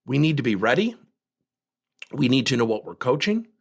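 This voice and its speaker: Male podcast host, middle-aged, lively up-and-down delivery with a slightly husky edge; emphatic coaching monologue. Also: medium pitch, moderate pace. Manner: animated, emphatic, acts out quoted dialogue.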